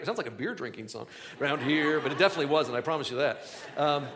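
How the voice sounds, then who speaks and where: Preaching in a large hall before a live congregation, a pastor speaks fast in an expressive, fairly bright voice on the high side, with big-room sound. He keeps it conversational, then builds to emphatic bursts with repeated phrases.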